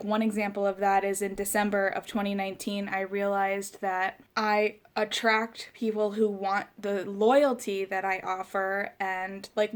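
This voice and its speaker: A woman in her late twenties hosting a podcast. She talks in a rambling, passionate, casual way, with lots of "like" fillers and quick bursts. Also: medium pitch. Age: late 20s. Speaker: podcast host. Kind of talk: casual life chat.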